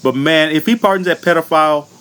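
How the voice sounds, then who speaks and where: A man from the United States vents in a furious, foul-mouthed monologue on his own channel. His voice sits somewhat high for a man, and he talks bluntly, piling up curses without holding back. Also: fast, a bit bright, clean tone. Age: adult. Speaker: vlogger. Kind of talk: angry political rant.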